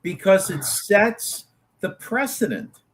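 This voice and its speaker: A man with a fairly high voice argues his side on a casual talk show. He gets emphatic and insistent, stumbling over repeated words as he presses his point. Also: sing-song, slow. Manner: emphatic, argumentative, stumbles and repeats when worked up. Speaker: co-host. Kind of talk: casual opinionated banter.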